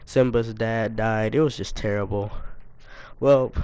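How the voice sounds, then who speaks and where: A young man telling a casual story to his viewers, animated and self-mocking, full of slang. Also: fairly low pitch, unhurried, smooth, no echo. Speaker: storytime YouTuber.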